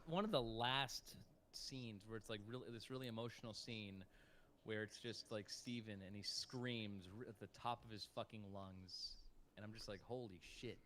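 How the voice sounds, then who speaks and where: A man's voice: mid-range voice, fairly bright tone, a little hiss or hum. A man who works as a voice actor, chatting casually on a livestream, swearing now and then and laughing often. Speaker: voice actor guest.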